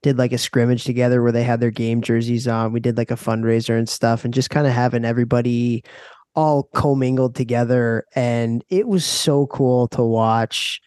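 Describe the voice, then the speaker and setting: A man in his thirties co-hosting a podcast, chatty and quick to laugh in casual talk. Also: medium pitch, fairly even intonation, darkish tone, dry recording, clean studio sound. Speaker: podcast co-host. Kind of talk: casual chat.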